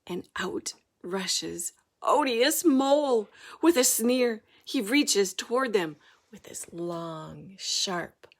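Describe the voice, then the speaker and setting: An older woman reading a children's storybook aloud, expressive, often dropping into hushed whispers for suspense. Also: medium pitch, takes it slowly. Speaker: storybook reader.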